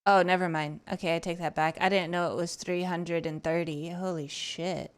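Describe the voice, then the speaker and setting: A woman's voice: fairly low pitch, fairly even intonation, moderate pace, smooth. A woman streamer chatting casually with her viewers while gaming, teasing and cursing freely.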